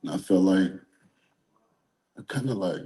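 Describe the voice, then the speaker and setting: A man with a somewhat low, warm and mellow voice talks openly in a casual interview. He rambles a little, circling back with fillers, and stays earnest throughout. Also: expressive, unhurried. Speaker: interview guest.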